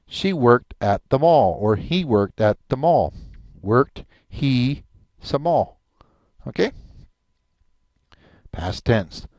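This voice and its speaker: A man teaching a recorded language lesson, patiently repeating each word slowly with chatty asides. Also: mid-range voice, very animated, darkish tone, no echo. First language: English.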